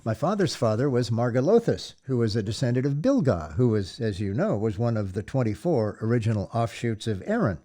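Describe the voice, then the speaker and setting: A man's voice: mid-range voice, big pitch swings, brisk, hardly any pauses, dark tone, lightly acted. A man doing a formal, polite young priest. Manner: formal, courteous, slightly hesitant. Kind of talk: audiobook character voice.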